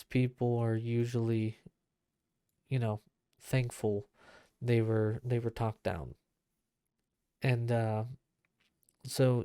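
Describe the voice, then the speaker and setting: A man's voice: mid-range voice, mellow, smooth, no echo, studio quality. A young man hosting a casual solo podcast, talking earnestly and bluntly with lots of fillers and restarts. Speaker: podcast host and streamer.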